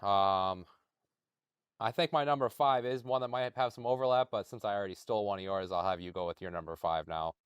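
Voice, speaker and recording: A man's voice: fairly low pitch, fairly quick, smooth, no echo, clean studio sound. A man hosting a podcast in casual chat, laid-back and swearing freely, with lots of fillers. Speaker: podcast host.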